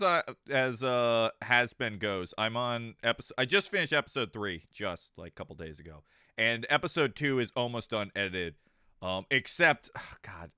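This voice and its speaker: A male streamer rambles through a casual livestream, animated and quick to laugh, dropping swear words as he goes. His voice is bright and clear, and it swings widely in pitch. The sound is close and dry. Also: dry recording.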